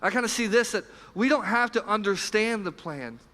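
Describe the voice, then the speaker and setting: A man preaching a sermon as pastor, earnest, swinging between loud emphasis and quiet, low passages. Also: expressive, normal speed. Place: church sanctuary. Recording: church hall with long reverb.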